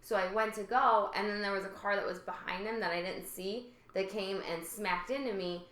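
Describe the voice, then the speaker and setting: Bright-voiced woman chatting in an echoey room. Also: medium pitch, steady tone, normal speed. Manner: chatty storyteller, laughs often. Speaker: podcast co-host. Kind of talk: casual chat. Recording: roomy echo.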